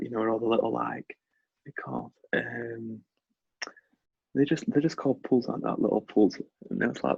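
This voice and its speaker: A man's voice: medium pitch, gravelly, breathy edge, dry recording, muffled recording. A young man telling a holiday story in a laid-back, rambling podcast chat, swearing now and then. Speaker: podcast co-host.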